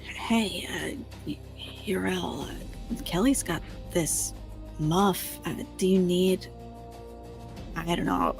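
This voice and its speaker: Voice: mid-range voice, takes it slowly, music in the background, low-quality recording. A hesitant player in a tabletop role-play game, describing a character's actions.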